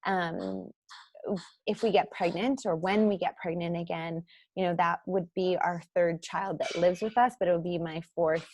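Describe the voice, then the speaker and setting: Woman, 30s, podcast guest, casual storytelling, frequent fillers, animated quoting, dry room. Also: normal speed, no echo. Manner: animated when acting out quotes, jumps high and loud. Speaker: podcast guest, author and mother. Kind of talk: candid conversational storytelling.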